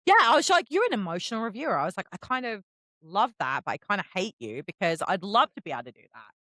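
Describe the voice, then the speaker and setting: A woman co-hosting a book podcast in casual chat, who swears freely and acts out quotes with big jumps in pitch. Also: sing-song, quick pace, sharp tone, no echo. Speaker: podcast co-host.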